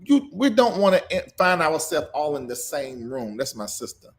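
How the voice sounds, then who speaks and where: A man's voice: fairly high pitch, very animated, normal speed. A man hosting a livestream, talking emotionally and preacher-like to viewers, laughing through grief and reading out their comments. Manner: reads viewer comments aloud and greets them. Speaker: livestream show host.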